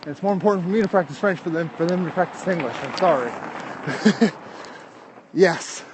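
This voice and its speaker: A man's voice: sits high, normal speed, noisy background. An American man livestreaming a casual walk outdoors from his phone, chatting with viewers and out of breath from climbing steep hills. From United States. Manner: chatty, answers viewer comments while walking. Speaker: vlogger. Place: outdoors on steep city streets.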